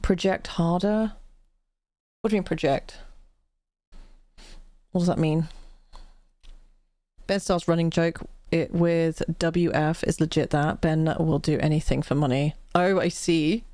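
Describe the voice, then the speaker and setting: A woman's voice: sits low, steady tone, measured pace, long pauses, mellow, dry recording. A British woman from the UK chatting casually on a live stream, telling rambling stories full of restarts and laughs. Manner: rambling, self-interrupting storyteller who laughs often.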